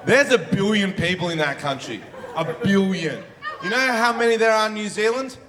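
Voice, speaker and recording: A man's voice: high-pitched, lively intonation, normal speed. Man, stand-up comic, punchy profane delivery, handheld mic, crowd laughter, background noise. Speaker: stand-up comedian. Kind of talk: stand-up comedy set. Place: comedy club stage with live audience. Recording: live show with loud crowd laughter.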